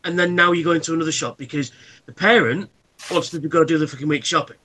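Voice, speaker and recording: A fast-talking man, animated and acting out his customers in casual chat. His voice is bright and sits fairly high. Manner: animated storyteller, acts out customers. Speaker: toy shop worker.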